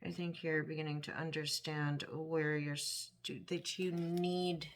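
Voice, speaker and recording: A woman's voice: low-pitched, level tone, unhurried, hardly any pauses. A woman giving a casual tarot reading, thinking aloud in a musing, chatty way. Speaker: tarot reader.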